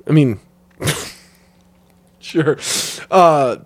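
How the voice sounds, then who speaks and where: A man's voice: fairly high pitch, drawn-out words, no echo. A young man co-hosting a casual chat, swearing freely and laughing often as he banters. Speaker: podcast co-host.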